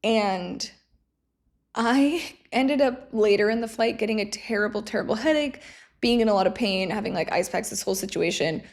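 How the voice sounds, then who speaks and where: A woman's voice: mid-range voice, moderate pace. A young woman chatting casually to camera, rambling and self-deprecating, often breaking into laughter. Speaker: vlogger.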